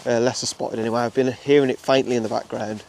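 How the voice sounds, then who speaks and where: This young wildlife photographer from the English Midlands talks fast in a gravelly, darkish, medium-pitched voice with flat delivery. He chats casually with lots of fillers and restarts while filming a walk through a nature reserve. A little hiss or hum is audible.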